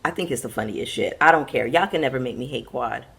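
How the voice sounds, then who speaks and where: A woman's voice: very deep voice, fast talker, creaky, a bit bright, husky. A young woman giving a sassy, emphatic recap of a reality show, talking straight to her viewers. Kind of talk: casual recap commentary.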